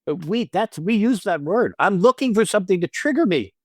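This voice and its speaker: A man co-hosting a podcast about acting, chatting in an animated way, acting out quotes and often laughing. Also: sits high, brisk, dry recording, clean studio sound. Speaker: podcast co-host and acting teacher. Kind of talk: casual conversational podcast chat.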